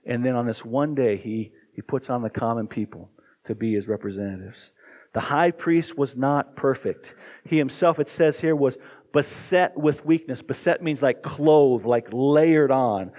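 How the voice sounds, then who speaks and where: A man's voice: medium pitch, fairly quick, darkish tone. A male pastor preaching a sermon in a conversational way and often asking the congregation questions. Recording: dull lo-fi recording.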